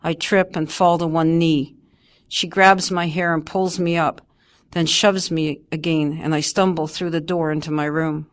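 A woman narrating her memoir in first person, in a measured, steady way. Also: sits low.

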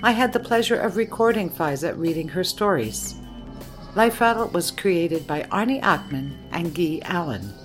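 A woman's voice: on the low side, expressive, normal speed, faint music behind. A woman host reading a scripted closing announcement for a story program. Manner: plain announcing. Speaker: radio show host. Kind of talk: scripted outro.

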